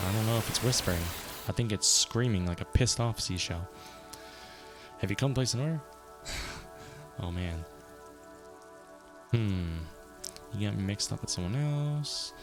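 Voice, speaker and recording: Gravelly-voiced man reading a game aloud. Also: lowish voice. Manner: reads narration aloud and reacts with quick asides. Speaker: streamer. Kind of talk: reading game text aloud with casual commentary. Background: game music.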